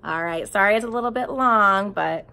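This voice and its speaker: A woman reading a storybook aloud and then talking tenderly to her grieving nephews, often dropping into a soft whisper. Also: mid-range voice, normal speed, gravelly. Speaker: aunt speaking to grieving nephews.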